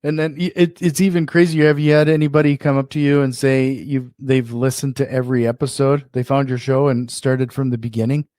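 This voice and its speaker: A man's voice: mid-range voice, little pitch movement, fairly quick, few pauses, a little mellow, dry recording, studio quality. A man hosting a casual podcast interview who asks follow-up questions and often restarts his sentences as he talks. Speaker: podcast host.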